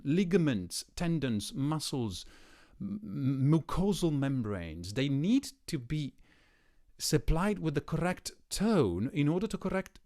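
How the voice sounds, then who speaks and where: A man who gives voice workshops, explaining a concept in a reflective, emphatic way, slowing down and speeding up to stress his points. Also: a little high, darkish tone. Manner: reflective, emphatic, with varied pace and pauses. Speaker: voice coach. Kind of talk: explanatory talk to camera.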